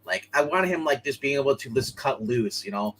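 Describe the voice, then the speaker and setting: A man hosting a live online comic book show, chatting casually and excitedly, laughing often and acting out lines from the panels. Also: mid-range voice, a little hiss or hum, low-quality recording. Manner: excitable, laughing, acts out comic lines in quick put-on voices. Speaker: podcast host.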